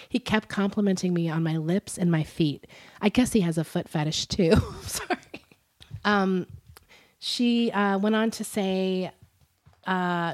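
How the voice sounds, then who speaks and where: A woman co-hosting a casual podcast, retelling a story with plenty of fillers. Her voice sits a little low for a woman, and she keeps breaking into giggles and quick apologies. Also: darkish tone. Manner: chatty, many fillers like "um" and "like". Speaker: podcast co-host.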